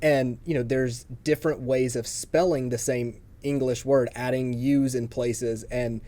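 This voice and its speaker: A man hosting an interview, asking long, relaxed questions and often restarting his sentences. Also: medium pitch, unhurried. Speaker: interview host.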